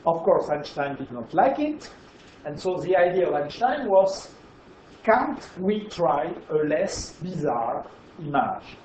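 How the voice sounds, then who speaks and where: A man's voice: a little high, very animated, takes it slowly, darkish tone, a little hiss or hum. A man with a French accent giving a physics lecture, explaining emphatically and checking in with the audience. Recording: roomy, dull lecture hall recording.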